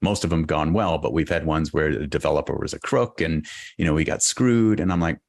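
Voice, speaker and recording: A man's voice: very deep voice, creaky, no echo. A man from Boston, a podcast guest, telling a personal story in an earnest, reflective way. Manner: earnest, reflective, halting restarts.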